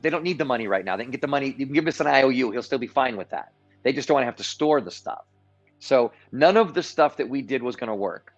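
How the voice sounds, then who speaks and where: A man's voice: mid-range voice, animated, quick pace, lo-fi sound, faint music behind. A man hosting a live-streamed show and giving emphatic, self-assured commentary with sarcastic asides. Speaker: show host. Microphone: live-stream mic.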